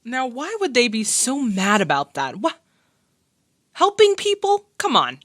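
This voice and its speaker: A woman hosting a movie reaction video, excitable and laughing, talking back to the screen in casual commentary. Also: a little high, measured pace.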